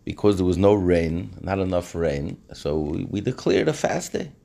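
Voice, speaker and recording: A man putting on the voice of a calm, patient older town rabbi who soothes and explains, with a husky, gravelly tone. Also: low voice, moderate pace, exaggerated voice.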